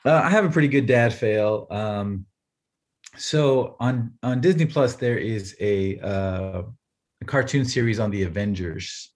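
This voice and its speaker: Brief: male co-host, 30s, animated storyteller, lowish voice. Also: unhurried. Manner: animated storyteller, laughs often. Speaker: podcast co-host. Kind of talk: casual chat.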